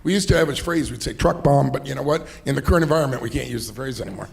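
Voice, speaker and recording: Gravelly middle-aged man telling rambling stories. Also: medium pitch, rapid-fire. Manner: rambling storyteller, heavy "you know" fillers, laughs while talking. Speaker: entrepreneur and investor, interview guest. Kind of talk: fireside chat on stage.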